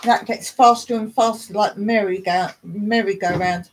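A woman's voice: mid-range voice, steady tone, moderate pace, a little hiss or hum, low-quality recording. A middle-aged woman from England, hosting a casual live chat, talking in a chatty way, reading aloud and singing snatches of songs. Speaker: livestream host.

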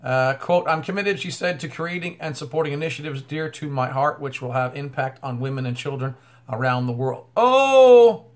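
A man's voice: mid-range voice, steady tone, brisk, fairly bright tone. A man talking straight to camera in a religious commentary vlog, breaking into exclamations and repeating words as he goes. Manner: exclamatory, bursts of "oh" and "wow". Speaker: YouTube commentator.

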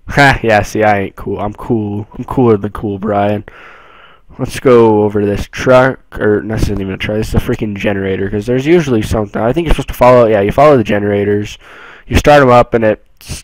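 A young man giving casual commentary on a horror game, excitable and jumpy, moving between low mutters and sudden yells. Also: no room sound, low-quality recording. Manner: jumpy, excitable, swings from mumbling to yelling. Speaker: gameplay streamer.

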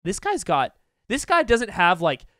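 A young man hosting a podcast, telling an animated, profane anecdote in casual chat, with many fillers. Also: sits high, a little slow, no echo, clean studio sound. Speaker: podcast host. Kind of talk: casual storytelling.

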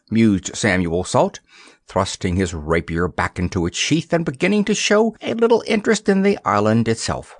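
A man narrating an audiobook in an expressive, lively storytelling manner. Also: fairly low pitch, normal speed, no room sound, clean studio sound.

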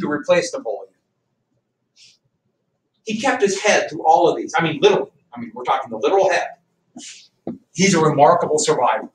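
A man teaching a history class, loud and animated, cracking jokes in a classroom. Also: a little high, slight background noise. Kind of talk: classroom lecture. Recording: echoey classroom from far off.

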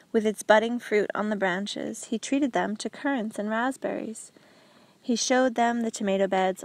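A woman narrating an audiobook with a steady, measured reading. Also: mid-range voice, no room sound. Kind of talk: scripted narration.

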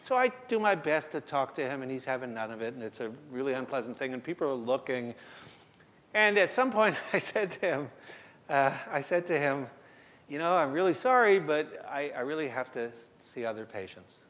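A man's voice: medium pitch, animated, normal speed, a bit bright. A middle-aged man giving a conversational conference lecture, telling stories from his work and often restarting his sentences. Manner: conversational, self-deprecating, frequent restarts. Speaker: emergency medicine lecturer. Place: lecture hall. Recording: long reverb of a lecture hall.

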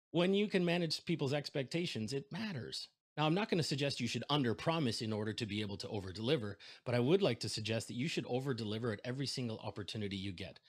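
A keynote speaker on stage tells a story with plenty of energy in a husky voice that sits in the middle range for a man. Jumping between characters, he raises his pitch to act out both sides of phone calls in this storytelling keynote speech.

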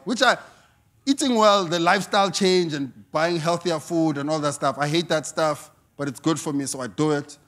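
A man with a South African accent doing stand-up comedy, animated and acting out characters, shouting his punchlines. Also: a little high, normal speed.

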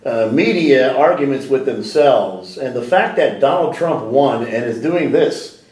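A man's voice: medium pitch, lively intonation, measured pace, a little mellow, reverberant, recorded from a distance, low-quality recording. A man giving a sit-down interview in a library room, talking animatedly with frequent restarts and rhetorical questions. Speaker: interview guest.

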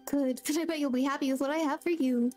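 A woman reading aloud the lines of a cheerful young courier boy from a game, upbeat and quick. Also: high voice, steady tone, dark tone, faint music behind, lightly acted. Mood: eager.

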